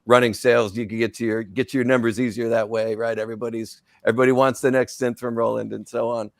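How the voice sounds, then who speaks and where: A man's voice: mid-range voice, flat delivery, fast talker, vocal fry, dry recording, clean studio sound. A man speaking as a company executive on a webinar panel over a video call, earnest and repeating words for emphasis.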